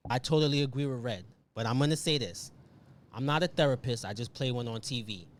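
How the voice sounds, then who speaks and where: A man's voice: mid-range voice, a little fast, a little hiss or hum. A man hosting a podcast, making his case in a laid-back, slangy way. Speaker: podcast host. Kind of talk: casual opinionated chat.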